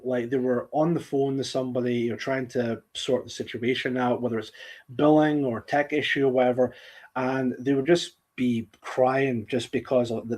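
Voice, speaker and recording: A man with a soft central-belt Scottish accent hosting a casual podcast, easygoing and quick to laugh. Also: mid-range voice. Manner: soft-spoken, laughs often. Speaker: podcast host.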